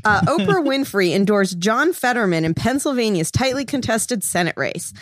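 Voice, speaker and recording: A woman comedy writer pitching topical jokes, reading setups in a deadpan news style between casual chat. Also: moderate pace, dry recording, studio quality. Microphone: headphones on a call.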